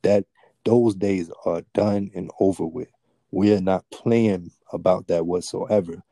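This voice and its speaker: A man speaking as a guest on a podcast, firm and declarative in a measured way. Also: sits low, fairly even intonation, dark tone, no room sound. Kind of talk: casual podcast conversation.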